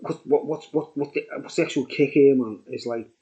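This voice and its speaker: A man's voice: medium pitch, fairly quick, mellow, dull audio. Tipsy man rambling to camera. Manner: rambling, repetitive, keeps adding "mate" and "right?". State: tipsy from drinking. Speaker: vlogger reviewing beer. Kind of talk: rambling casual monologue to camera.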